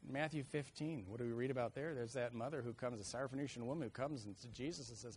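A middle-aged man delivers a sermon in a lively storytelling way, jumping into loud acted-out children's voices. His voice sits in an ordinary middle pitch. Faint background noise hangs under the recording. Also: fast. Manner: animated storyteller, acts out kids' shouts. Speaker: preacher.

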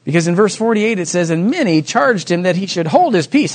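A man preaching a sermon, acting out the voices of the Bible story with dramatic swings from soft to loud. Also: sits high, lively intonation, fairly quick, hardly any pauses.

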